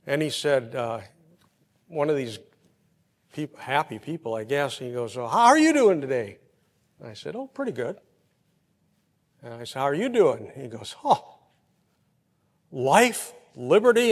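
A man preaching a sermon, telling everyday stories and swinging from soft, quiet passages to loud, emphatic peaks. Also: medium pitch. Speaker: pastor. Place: church. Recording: long hall reverb.

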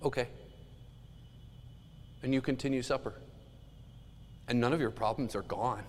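A man's voice: medium pitch, a little slow, in a large hall, slight background noise. A man preaching a sermon as a pastor, earnest and emphatic.

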